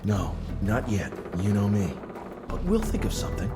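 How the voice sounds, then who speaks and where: A man's voice: lowish voice, very animated, moderate pace. An actor voicing a sardonic male adventurer in a video game, who speaks in dry, witty remarks. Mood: wry. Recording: game music behind the voice.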